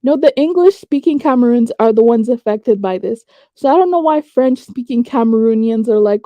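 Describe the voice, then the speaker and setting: A woman's voice: on the high side, animated, normal speed, dry recording, lo-fi sound. A woman hosting a reaction video, talking casually and thinking aloud as she comments. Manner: conversational, thinks aloud with fillers and hedges.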